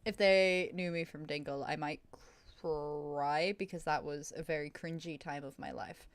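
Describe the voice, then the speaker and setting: A young woman hosting a casual livestream Q&A, excitable and quick to laugh, swearing freely. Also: deep voice. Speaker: streamer hosting a Q&A.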